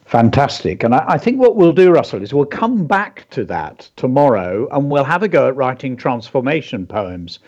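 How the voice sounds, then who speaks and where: A man's voice: mid-range voice, sing-song, normal speed, hardly any pauses, darkish tone, breathy edge, highs cut off. A man co-hosting a radio lesson on creative writing, explaining techniques and reading a story aloud. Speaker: co-host and writing teacher.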